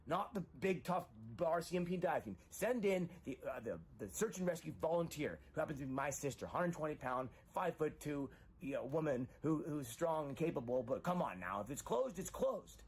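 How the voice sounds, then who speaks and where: A man's voice: fairly high pitch, animated, moderate pace, slightly rough. A middle-aged man in a rambling, emotional confessional monologue, distraught and repeating himself. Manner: rambling, repetitive, grief-stricken, voice rising when agitated. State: distraught after a breakup and a loss.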